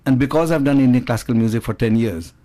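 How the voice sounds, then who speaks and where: A man in his late sixties talks quickly and at length, drifting from one story to the next as a guest on a radio chat show. His voice sits at an ordinary middle pitch, and he keeps the talk rolling. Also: mellow. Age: 60s. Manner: expansive, digressive storyteller who demonstrates with his voice. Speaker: guest musician.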